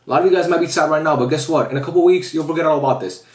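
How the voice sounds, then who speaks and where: This man's voice is slightly high and racing, recorded with a roomy sound. Dejected and heartbroken after a football loss, he rants casually to his vlog viewers, addressing them directly and swearing frequently.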